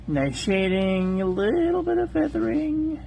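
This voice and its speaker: A soft-spoken woman runs her calligraphy channel, working through an ink test at an unhurried pace. Her voice sits in a middle pitch and stays gentle and methodical from one note to the next. A faint hiss sits under her voice. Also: sing-song, vocal fry. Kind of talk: calm ink-on-paper test review.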